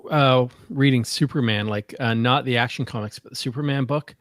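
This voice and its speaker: A man's voice: medium pitch, normal speed, a bit bright, no room sound. A man on a podcast, chatting casually in a hesitant way with many fillers.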